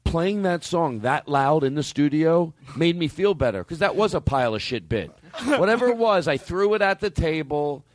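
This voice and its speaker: A man with a slightly high voice hosts a comedy podcast, telling loose, rambling stories and cracking himself up as he goes. The sound is dry and close. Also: animated, normal speed, few pauses, no room sound. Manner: rambling, laughing storyteller. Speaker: podcast host. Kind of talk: casual comedy podcast chat.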